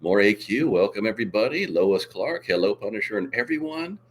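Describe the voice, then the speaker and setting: Hoarse male stream host, very low voice, lively swings in pitch, faint noise behind. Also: fairly quick. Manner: showy, reads out viewer comments. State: hoarse, coughing. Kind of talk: casual live stream chat.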